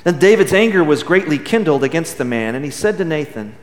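Middle-aged male pastor, fairly high voice, emphatic sermon delivery, recorded in a reverberant hall. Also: lively intonation. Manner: emphatic preaching, dramatic pauses, swings from loud to quiet. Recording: echoey hall.

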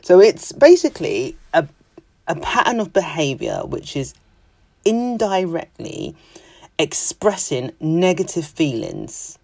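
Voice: mid-range voice, creaky, darkish tone, dry recording. A therapist speaking in a podcast monologue, explaining things directly and with emphasis, now and then laughing.

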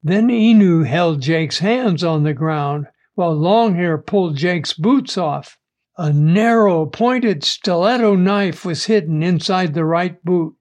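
A man reading a first-person adventure story aloud in a slow, measured way. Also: high voice. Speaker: narrator.

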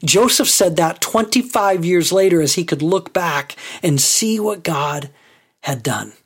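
A man's voice: fairly high pitch, lively intonation, unhurried, husky. A man preaching a sermon as a pastor, conversational and full of rhetorical questions.

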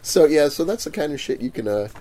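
A man's voice: on the high side, very animated, fast, dark tone. A man casually telling a story about a rude customer at his convention booth, acting out the quotes, swearing and laughing often.

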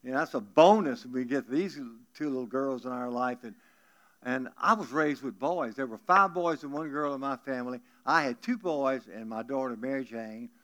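A man's voice: medium pitch, moderate pace, fairly bright tone. A man in his seventies with a South Louisiana accent, preaching in a folksy, joking way to a congregation. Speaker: guest pastor. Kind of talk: folksy storytelling sermon.

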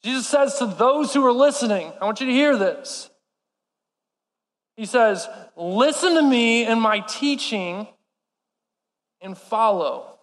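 A man preaching a sermon to a live congregation, impassioned and swinging between urgent and soft. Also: extremely high pitch, animated, slow pace, pauses often. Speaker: pastor. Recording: long hall reverb.

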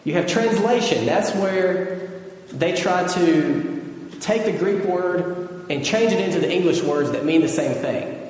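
A Southern American man preaches in a loose, conversational teaching style, stopping to make sure his listeners are keeping up. His voice sits a little high for a man. He is picked up from a distance, and the large hall around him rings with a long, heavy echo. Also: a little slow, a little mellow. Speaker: pastor. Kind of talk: sermon. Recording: distant mic in echoey hall.

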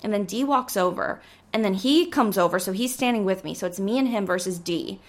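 A woman in her twenties, a podcast host telling a casual story in a dramatic, animated way, with casual swearing. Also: medium pitch, brisk.

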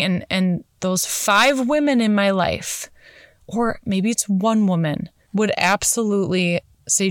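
An earnest, encouraging woman in her thirties speaks straight to her podcast listeners, calling them "you guys" as she cheers them on. Her voice sits at an ordinary middle pitch for a woman. It is recorded close on the mic, with a dry sound and no room echo. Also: takes it slowly. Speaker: podcast host. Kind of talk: motivational podcast monologue.

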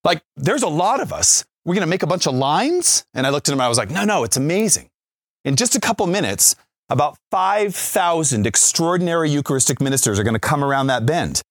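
Animated man telling a faith story. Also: a little high, fairly quick, no room sound, studio quality. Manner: animated storyteller, acts out quotes, frequent "right?". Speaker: Catholic speaker, former youth minister.

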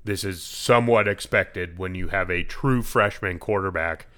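A man's voice: low voice, moderate pace, pushed and bright, clean tone. A man co-hosting a sports podcast, talking news in a laid-back, blunt way. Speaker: podcast co-host. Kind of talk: casual sports chat.

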